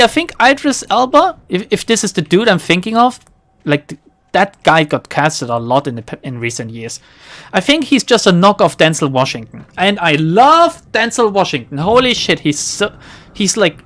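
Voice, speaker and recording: A streamer chats casually while playing, drifting from tangent to tangent. The voice sits at a middle pitch but swings in a lively way. Laughs break in often. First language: German. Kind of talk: casual let's play chat.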